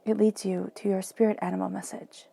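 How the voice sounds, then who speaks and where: A woman's voice: mid-range voice, little pitch movement, fairly quick, creaky, dark tone. A woman giving a flowing, encouraging tarot reading, often acting out quoted self-talk. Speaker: tarot reader.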